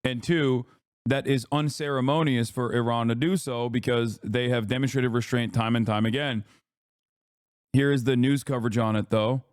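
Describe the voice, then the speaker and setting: A male political streamer rants at his chat with heated sarcasm and plenty of swearing. He sometimes reads news passages aloud at a fast clip. The sound is close and dry, with a pitch that sits in the middle. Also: steady tone, smooth, no echo. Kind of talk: live-stream reaction commentary.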